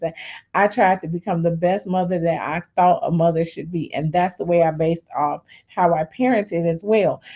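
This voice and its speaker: Woman telling her testimony, muffled sound. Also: on the low side. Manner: animated, addresses listeners as "y'all". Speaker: guest sharing her testimony. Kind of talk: personal testimony, casual storytelling. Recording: dull lo-fi sound.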